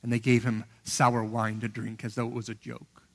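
A man preaching a sermon earnestly, rising to emphatic peaks and sinking to hushed lows. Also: monotone, moderate pace. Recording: long hall reverb.

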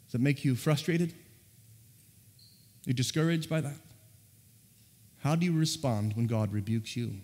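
A man's voice: mid-range voice, unhurried, long pauses, darkish tone. A man preaching a sermon as pastor, earnestly pressing his listeners with rhetorical questions, recorded in a church sanctuary. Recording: long reverb of a large church hall.

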